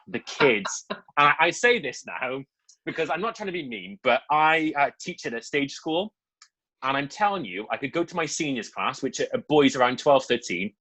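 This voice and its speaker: A man's voice: mid-range voice, a bit bright, low-quality recording. Man, young adult, film review co-host, casual chat, candid, filler-heavy. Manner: chatty, candid, lots of fillers and asides.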